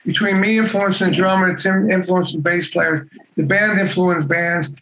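Older man, interview guest, high-pitched, gravelly, rambling, casual chat. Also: fairly even intonation, moderate pace, background noise. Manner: rambling, full of "you know" fillers. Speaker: guest musician.

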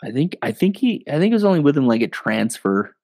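A man, a podcast guest, telling stories in a loose, animated way, full of fillers and quick laughs. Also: mid-range voice, no room sound. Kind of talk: casual storytelling.

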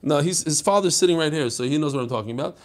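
A man's voice: on the high side, rapid-fire. An older man teaching a daily Talmud class, chatty and digressive, mixing Hebrew and Yiddish terms into his talk. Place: study hall.

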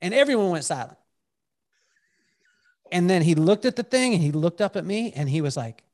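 A man telling animated stories as a podcast guest, acting out what people said and breaking into song, with halting restarts when he explains a point. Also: high voice. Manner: lively storyteller who acts out quotes and sings bits. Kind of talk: animated storytelling in conversation.

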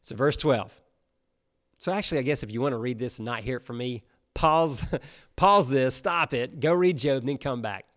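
A male pastor preaching in an easygoing, animated storytelling manner. His voice sits at an ordinary middle pitch, and he talks plainly, as if chatting with his congregation. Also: brisk. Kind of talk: sermon.

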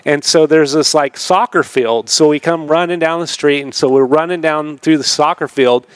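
A man's voice: a little high, moderate pace, clean tone, no echo. Laid-back man telling racing stories. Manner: laid-back, rambling, laughs often, acts out quoted voices. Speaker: podcast guest, retired motocross racer. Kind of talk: casual storytelling interview.

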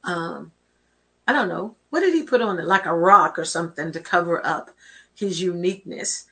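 A woman's voice: fairly low pitch, moderate pace, sharp tone, husky. A woman hosting a show, giving an encouraging, preachy talk that quotes scripture. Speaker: host. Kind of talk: inspirational talk.

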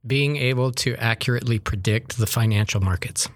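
A man in his fifties from Arizona, co-hosting a podcast with measured, thoughtful talk. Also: mid-range voice, no echo. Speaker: podcast co-host and professor. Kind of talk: casual chat.

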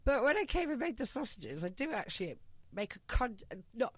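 Lively Yorkshire woman, laughing chatter. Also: on the high side, fairly quick, husky, dry recording. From northern England. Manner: laughs often, jokey and self-mocking. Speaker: guest, sausage business founder. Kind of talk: casual podcast chat.

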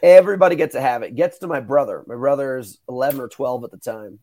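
A young man hosting a podcast, telling stories in a casual, animated way, swearing and acting out the voices of the people in them. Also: medium pitch, fast talker. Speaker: podcast host. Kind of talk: casual storytelling chat.

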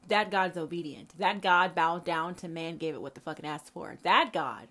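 A woman's voice: fairly low pitch, normal speed, a bit bright. A woman hosting a podcast, delivering an impassioned spoken sermon monologue, emphatic and profane, with repetitions and prayerful asides. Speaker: podcast host.

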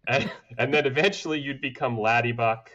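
A man's voice: sits low, unhurried, a bit bright. A middle-aged man from Atlanta, a podcast guest telling candid stories with many fillers and restarts. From Atlanta, southern United States. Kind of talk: candid conversational storytelling. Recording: dull lo-fi audio.

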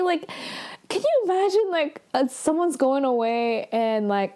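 Woman vlogger, chatty recap voice, mellow and a bit high. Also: expressive, unhurried. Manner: chatty, fills talk with "like", acts out characters' lines and squeals in delight.

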